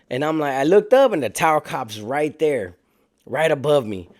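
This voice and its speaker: A man's voice: a little high, expressive, fast, a little mellow. A man casually telling a story in street slang, animating it by acting out what other people said. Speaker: storyteller recounting prison life.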